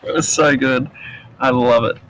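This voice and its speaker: A man chatting easily on a game stream, quick to laugh. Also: medium pitch, fairly even intonation, fairly bright tone, a little hiss or hum, poor audio. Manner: laughing, easygoing banter. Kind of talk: casual chat over gameplay.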